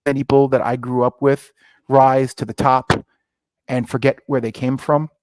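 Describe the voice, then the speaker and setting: A middle-aged man, a guest on a podcast, telling his story in a lively way and acting out the dialogue. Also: medium pitch, normal speed, no room sound. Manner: lively storyteller, acts out dialogue with rising excitement. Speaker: scotch company founder, guest. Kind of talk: animated storytelling interview.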